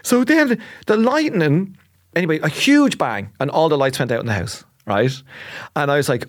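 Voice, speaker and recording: Give me an animated Irish man in his forties telling a funny story on a podcast. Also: mid-range voice, a little fast, dry recording, clean studio sound. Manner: animated storyteller, acts out voices, laughs a lot. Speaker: podcast guest, comedian. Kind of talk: storytelling in casual chat.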